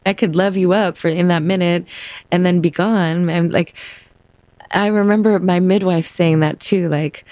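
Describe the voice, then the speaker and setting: A woman telling her own story in an interview, reflective and halting, often pausing to find her words. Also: on the low side, steady tone, no echo. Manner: reflective, halting, soft-spoken. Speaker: interviewee, former prison firefighter. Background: soft music.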